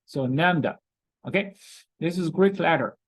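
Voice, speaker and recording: At a normal pace and in a mid-range voice, a chemistry lecturer teaches a recorded class of low audio quality. Important terms are repeated, "okay?" punctuates the talk often, and the grammar shows a non-native speaker.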